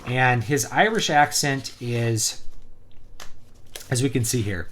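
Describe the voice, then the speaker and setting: A man in a casual review video, giving his opinions on a printed book. He talks conversationally and fills the pauses with ums and uhs. His pitch sits in an ordinary middle range. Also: animated, fairly bright tone. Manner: conversational, opinionated, many fillers. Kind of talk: casual product review vlog.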